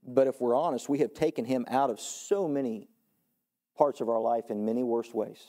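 Earnest pastor with a mellow voice. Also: male voice, normal speed. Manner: earnest, rising to emphatic peaks then dropping low; repeats and restarts words. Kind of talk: sermon.

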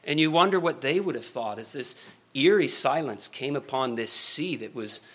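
A man preaching an expository sermon, earnest, slowing and speeding up for emphasis. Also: mid-range voice, lively intonation. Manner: earnest, varies pace and loudness for emphasis.

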